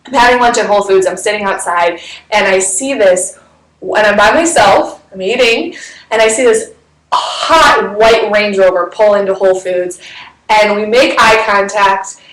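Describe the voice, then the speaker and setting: A woman's voice: medium pitch, normal speed, fairly bright tone, roomy sound, rough recording. A woman from Chicago who runs a wellness business, telling a story in casual livestream talk, bubbly and laughing often, with lots of "like".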